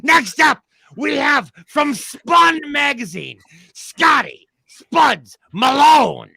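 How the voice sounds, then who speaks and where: A shrill, gravelly blowhard TV host. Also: male voice, very animated, extremely slow, no echo, heavily acted. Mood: blustering. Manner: loud, blustering, pushy. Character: brash adult male TV panel host. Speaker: comic news panel host. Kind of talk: comedy sketch, mock panel show.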